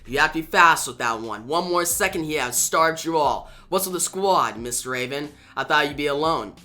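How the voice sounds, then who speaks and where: A man reading out a calm, stern superhero's lines, a bit lower and quieter than his narration. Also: moderate pace. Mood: grave.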